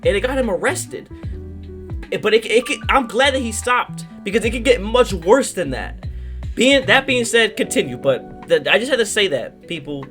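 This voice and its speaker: A man hosting a reaction video, talking loose and slangy with excitable outbursts. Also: high voice, normal speed, soft background music. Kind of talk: casual reaction commentary.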